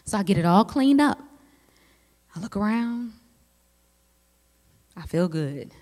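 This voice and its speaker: A woman's voice: medium pitch, slow. Woman telling stories in a reverberant hall. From United States. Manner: lively storyteller who speaks straight to the audience. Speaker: psychologist speaking to a women's group. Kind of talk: teaching talk with personal stories.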